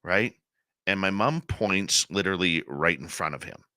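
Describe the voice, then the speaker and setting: In a conversational radio interview, the male host tells a heartfelt, emotional personal story at a normal speed. His voice is very low yet strikingly bright and forceful, and the close, dry recording has no room sound.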